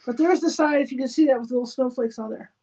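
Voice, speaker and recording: A woman's voice: high voice, quick pace, dark tone. A woman hosting a live stream from a spare bedroom at home, muttering to herself as she describes each step of her craft project. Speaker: livestream host. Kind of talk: casual running commentary while crafting. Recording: dull lo-fi sound with faint noise.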